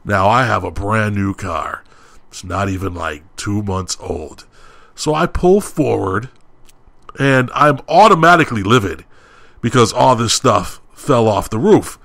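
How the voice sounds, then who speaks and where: A man co-hosting a podcast, telling a story in a casual, animated way and acting out heated exchanges. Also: lowish voice, unhurried, gravelly, dry recording. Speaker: podcast co-host.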